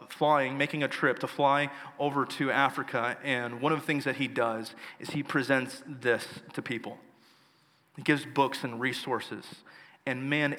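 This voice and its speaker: Bright-voiced preaching man in echoey hall. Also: mid-range voice. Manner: earnest preaching with emphatic lists. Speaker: pastor. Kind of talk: sermon.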